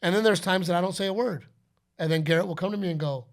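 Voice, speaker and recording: A man's voice: sits high, fast talker. A middle-aged man hosting a podcast, telling stories in casual chat and acting out quotes and announcer calls. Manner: animated storytelling, acts out quotes and announcer calls. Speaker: podcast host.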